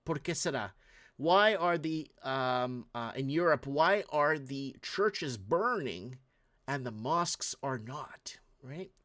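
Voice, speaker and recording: A man's voice: medium pitch, expressive, takes it slowly, a bit bright. A man hosting a show, giving casual, ranting commentary over video clips and talking straight to viewers. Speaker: host.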